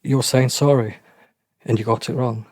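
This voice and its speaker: Middle-aged man, interview guest; halting, restarts a lot, dry close mic. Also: medium pitch, fairly even intonation, a little mellow, dry recording. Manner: halting, repeats himself, many restarts. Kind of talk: emotional personal account.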